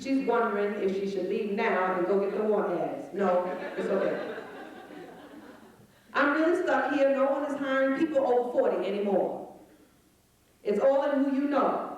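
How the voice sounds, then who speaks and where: A woman's voice: on the high side, darkish tone. A woman doing a stand-up comedy set in a chapel, brash and teasing the crowd, with lots of swearing. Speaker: stand-up comic. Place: chapel filled with a live audience. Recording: echoey, distant 1989 live recording. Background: audience laughter.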